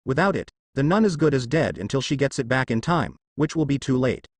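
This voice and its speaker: A man's voice: mid-range voice, expressive, a little fast, no echo, lightly acted. A man voicing a cruel, mocking fallen-angel man. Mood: gloating.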